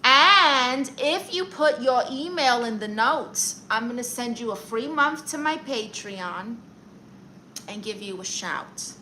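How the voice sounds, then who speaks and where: Casting: woman doing a vain, sassy self-styled therapist aunt for a comedy livestream. Bright, forceful tone and quick, boastful comebacks. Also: fairly high pitch, lively intonation, a little hiss or hum, exaggerated voice, poor audio. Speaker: livestream comedian reading chat. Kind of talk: in-character livestream chat.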